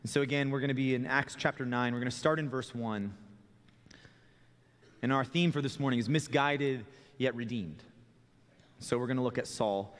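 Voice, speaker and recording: A young man, a student ministry pastor, preaching a sermon in a relaxed conversational way and often repeating words as he starts a phrase. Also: medium pitch, moderate pace, long pauses. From Texas. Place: church sanctuary. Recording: long reverb of a church hall.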